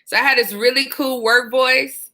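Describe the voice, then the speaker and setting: A former 911 dispatcher telling stories from the job in a casual, animated way, often breaking into laughter. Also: female voice, sits high, moderate pace. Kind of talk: casual storytelling vlog.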